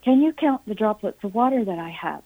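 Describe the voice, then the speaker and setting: A woman's voice: medium pitch, animated, a little fast, phone-quality sound. The ocean's voice, as a woman quotes it. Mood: questioning. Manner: questioning, patient challenge. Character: vast thunderous ocean speaking to her.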